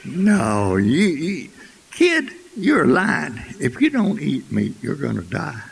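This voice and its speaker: A man voicing a proud, gruff old male lion who bosses a young cub around, in a gravelly folksy drawl. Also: fairly high pitch, huge pitch swings, takes it slowly, full character voice. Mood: stern. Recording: echoey hall, faint hiss.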